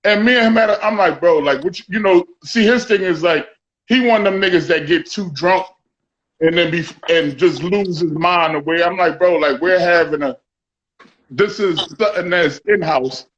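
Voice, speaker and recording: A man's voice: high-pitched, moderate pace, a bit bright, lo-fi sound. A man hosting a casual talk, telling a story with lots of profanity and quoted dialogue. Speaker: podcast host.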